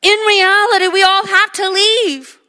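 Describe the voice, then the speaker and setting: A woman's voice: very high-pitched, level tone, unhurried, bright, forceful tone. A woman pastor preaching a sermon, emphatic, repeating her phrases and calling for amens. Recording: echoey hall with long reverb.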